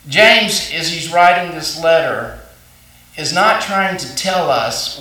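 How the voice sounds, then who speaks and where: Man preaching, bright voice, a bit high, heard from a distance in a roomy, echoey church. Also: takes it slowly. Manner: folksy storytelling with frequent fillers and restarts. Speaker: pastor. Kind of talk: sermon. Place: church sanctuary.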